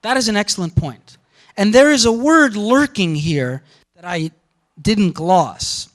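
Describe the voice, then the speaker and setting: A man lecturing a class in an animated way, often quoting example sentences and breaking off mid-thought. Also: high-pitched. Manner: animated, quotes example sentences, interrupts himself.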